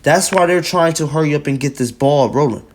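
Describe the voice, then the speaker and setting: A man's voice: fairly high pitch, fairly quick, darkish tone. A man giving an emphatic, repetitive preaching commentary on video, reading scripture and news aloud and often adding "man".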